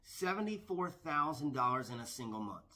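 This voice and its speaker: A man telling a storytime vlog as a professional gambler, emphatic and repetitive, often pushing his voice loud. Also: medium pitch, sing-song, moderate pace, heavy background noise.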